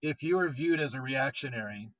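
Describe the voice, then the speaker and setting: A man co-hosting a podcast, talking in a casual, animated way and quick to joke. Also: mid-range voice, dry recording. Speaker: podcast co-host. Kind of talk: casual conversation. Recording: dull lo-fi audio.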